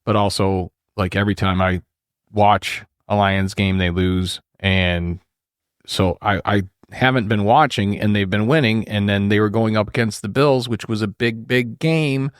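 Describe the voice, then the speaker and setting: A man's voice: lowish voice, steady tone, a little slow, smooth, dry recording, clean studio sound. A man co-hosting a casual podcast, talking loosely with lots of fillers and laughing easily. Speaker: podcast co-host. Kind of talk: casual chat.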